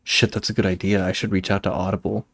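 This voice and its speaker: A young man with a lowish voice chatting on a game stream. He rambles from tangent to tangent in a laid-back way and swears without thinking about it. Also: flat delivery, fast talker, vocal fry, a bit bright. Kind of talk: casual chat while streaming a game.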